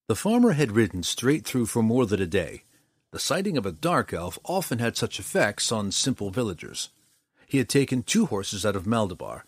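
A man narrating a fantasy story in an expressive storytelling manner. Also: fairly low pitch, slightly rough, dry recording, studio quality. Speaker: audiobook narrator.

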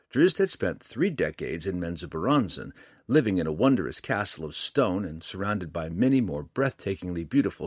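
A male narrator with a very deep voice reads a fantasy story in a measured, expressive way. His pitch swings widely, and his tone is a touch husky. The recording is dry and close. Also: no room sound. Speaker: audiobook narrator.

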